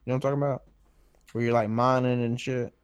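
A man hosting a casual gaming podcast, talking in a brash, animated way and swearing freely. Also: medium pitch, quick pace, clear, resonant tone. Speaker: podcast host. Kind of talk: casual chat.

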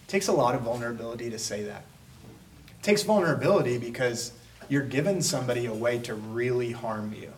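A pastor preaching a conversational sermon, breaking into quick acted asides. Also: male voice, mid-range voice, expressive, far from the mic, slight background noise.

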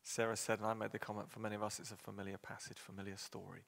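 A man preaching a sermon in a measured way, moving into telling a story. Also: on the low side, flat delivery, creaky, a bit bright. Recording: long reverb of a church hall.

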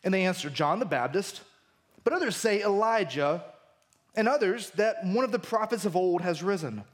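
A man's voice: high-pitched, lively intonation, normal speed. A man preaching a sermon as pastor at a church service, reading scripture and explaining it in a conversational, emphatic way.

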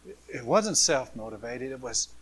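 A man preaching a sermon, swinging from loud, impassioned passages to hushed ones. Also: medium pitch, expressive, normal speed, breathy edge. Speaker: pastor.

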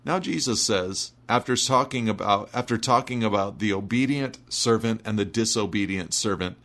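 A man's voice: on the low side, normal speed, a bit bright. A man preaching an earnest, emphatic expository sermon, reading scripture and explaining it.

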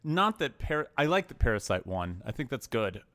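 A man's voice: mid-range voice, sing-song, normal speed, fairly bright tone. A male co-host of a movie podcast who teases his partner and wanders off on tangents in casual chat.

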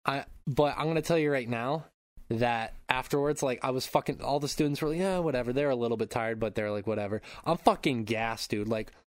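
Man, thirties, podcast co-host, rambling storyteller, swears a lot, middle pitch, dry close mic. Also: brisk, no room sound. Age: 30s. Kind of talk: casual chat.

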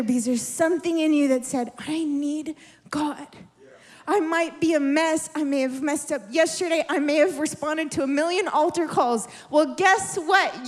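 A woman with a high, bright-pitched voice preaches at a church service. She repeats her phrases with mounting passion, rising at times to shouts as she exhorts the congregation. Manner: impassioned, repetitive, building to shouts. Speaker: preacher giving prophetic words. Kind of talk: charismatic sermon. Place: church service in a warm room.

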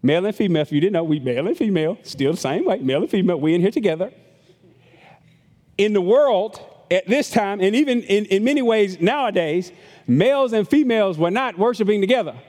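A man's voice: high-pitched, expressive, a little fast, darkish tone, in a large hall. A middle-aged man pastor preaching a conversational sermon to his congregation, repeating words and acting out the voices of critics. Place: church sanctuary with long reverb.

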